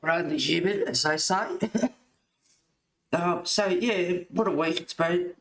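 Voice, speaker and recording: A woman's voice: on the low side, measured pace, a bit bright, roomy sound, slight background noise. A woman hosting a live colouring stream, chatting casually, reading and answering viewers, laughing often. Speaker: livestream host reading chat. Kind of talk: casual chat while colouring. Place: home room at a table.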